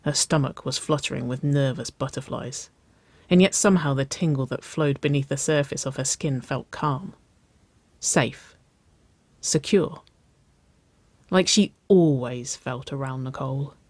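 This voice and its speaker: Storybook narrator, steady and calm, super dry close mic, mid voice. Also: mid-range voice, unhurried, dry recording. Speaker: audiobook narrator. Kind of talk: scripted narration.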